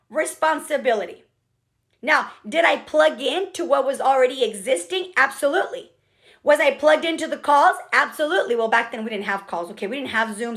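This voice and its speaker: A woman's voice: high-pitched, fairly bright tone. A woman giving a motivational business talk to her team on a call, emphatic and repetitive, checking in with "okay" again and again. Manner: emphatic, repeats herself, peppers speech with "okay". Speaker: business mentor speaking to a team.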